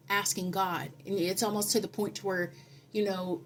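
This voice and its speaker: A woman giving a spiritual tarot reading, earnest and preachy, telling stories with dramatic pauses and repeating affirmations. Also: medium pitch, flat delivery, a little hiss or hum. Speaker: tarot reader.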